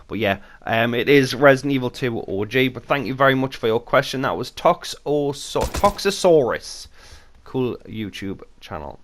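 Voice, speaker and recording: A man's voice: fairly low pitch, fairly bright tone. A British man hosting a casual gaming Q and A vlog, talking off the cuff with a chatty, rambling manner. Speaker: YouTube channel host.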